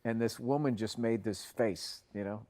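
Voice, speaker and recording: A man's voice: lowish voice, normal speed, dark tone. A middle-aged man, co-hosting a podcast and swearing his way through rambling anecdotes. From Boston. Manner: profane, rambling anecdotes, acts out other people's lines. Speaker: podcast co-host. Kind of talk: casual storytelling chat.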